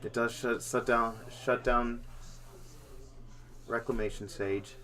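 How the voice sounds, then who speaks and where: A male commentator calls a card game live in an easygoing, playful way. His voice sits at an ordinary middle pitch, and he slips goofy sound effects into the chatter. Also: flat delivery, slow, bright, forceful tone. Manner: casual, jokey, hums sound effects.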